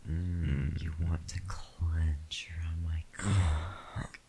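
A man with a very deep, gravelly voice in a whispered role-play, drawling slowly in a breathy, intimate hush. He speaks straight to the listener, his low tone grinding with fry, with a faint hiss in the background. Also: flat delivery. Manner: slow, intimate, second-person address. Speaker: erotic audio performer.

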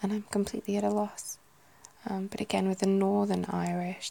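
A British woman in whispered ASMR chat, musing aloud softly and rambling. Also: mid-range voice, flat delivery, brisk, vocal fry. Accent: British English.

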